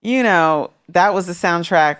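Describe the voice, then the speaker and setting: A woman's voice: lowish voice, a little slow, clean tone, no room sound, clean studio sound. A woman in her fifties from Washington, D.C., talking candidly and thoughtfully as an interview guest. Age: 50s. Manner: reflective, candid. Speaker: interview guest, former music executive. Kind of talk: casual interview.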